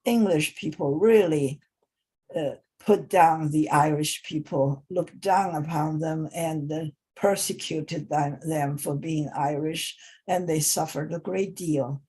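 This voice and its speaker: A woman teaching an informal English lesson, talking in a halting way with many pauses and restarts. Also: low voice, mellow, breathy edge.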